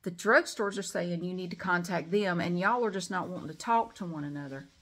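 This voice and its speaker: A middle-aged woman, talking casually to the camera at home and telling an exasperated, animated story. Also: on the low side, fairly quick. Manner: exasperated, animated retelling with acted-out quotes. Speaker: vlogger.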